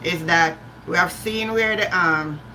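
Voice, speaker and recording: A woman's voice: lowish voice, unhurried, bright, forceful tone, slight background noise, poor audio. A Jamaican woman hosting a live stream, chatting casually, greeting viewers by name and slipping into patois. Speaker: livestream host.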